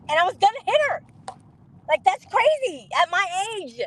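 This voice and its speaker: A woman's voice: extremely high pitch, normal speed, poor audio. A middle-aged woman telling an indignant story to camera in a casual vlog, acting out the voices of the people in it. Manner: animated, indignant, acts out quoted voices.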